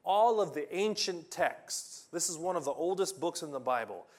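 A man preaching a sermon with passion, reading scripture loudly and restarting his sentences when he gets excited. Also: a little high, moderate pace. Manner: impassioned, rising to loud emphatic reading of scripture. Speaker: pastor.

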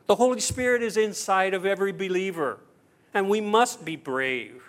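A middle-aged man preaching a sermon as pastor, telling stories with acted-out quotes and swinging between loud and hushed. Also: high voice, animated, moderate pace.

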